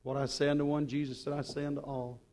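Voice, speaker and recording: Male preacher, higher voice, fervent sermon delivery with big swings in force. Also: level tone, quick pace. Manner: impassioned, swinging between loud urgent peaks and quiet low passages.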